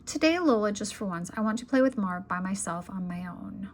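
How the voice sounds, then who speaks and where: A woman's voice: medium pitch, lively intonation, fairly quick, a little hiss or hum, close to an everyday voice. A woman reading aloud, voicing an impatient young boy who is tired of his little sister's interruptions. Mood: exasperated. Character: exasperated young boy, older brother.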